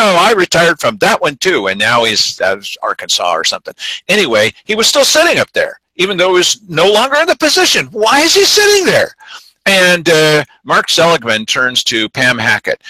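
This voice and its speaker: A man hosting a talk show, telling stories in a casual, animated way and acting out the quotes. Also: a little high, no room sound, low-quality recording. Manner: animated storytelling, acts out quotes. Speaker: show host. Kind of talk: casual chat.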